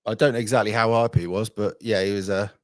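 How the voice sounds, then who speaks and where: Male streamer, rambling and sweary, slightly low voice, dry close mic. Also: steady tone, fast talker, no echo. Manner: blunt, sweary, rambling with fillers. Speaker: livestream host. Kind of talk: casual livestream chat.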